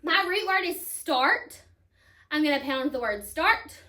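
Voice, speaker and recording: A woman teacher, slowly sounding out spelling words for children. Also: high voice, animated, bright, forceful tone. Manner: slow, deliberate sounding-out of words.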